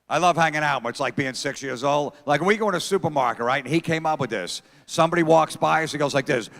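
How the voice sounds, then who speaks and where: A man's voice: on the high side, normal speed, fairly bright tone. A middle-aged man doing stand-up comedy on a theater stage, telling brash, profane stories and talking to the crowd. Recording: long theater reverb.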